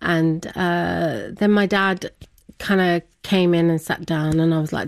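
A woman's voice: fairly low pitch, steady tone, a little slow, creaky. A woman guest recounting a personal family story in casual conversation, laughing often and acting out what people said. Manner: chatty, laughs often, acts out quotes. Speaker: interview guest.

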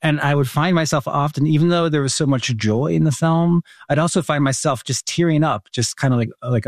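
A man's voice: mid-range voice, a little mellow, dry recording, studio quality. A man, a documentary filmmaker, answering interview questions in an earnest, heartfelt way with frequent restarts. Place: home room.

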